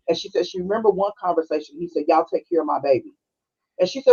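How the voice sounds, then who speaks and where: A woman's voice: medium pitch, expressive, fast talker, darkish tone, husky, dull audio. A middle-aged woman, a podcast co-host, telling a personal story on a live stream in a conversational, heartfelt way. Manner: conversational, heartfelt, full of "you know" and "like".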